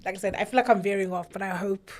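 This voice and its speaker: A woman's voice: mid-range voice, very fast, darkish tone, slight background noise. A woman from Zimbabwe, co-hosting a podcast, telling a long story in casual chat and checking in with "right?" and "you know". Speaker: podcast co-host.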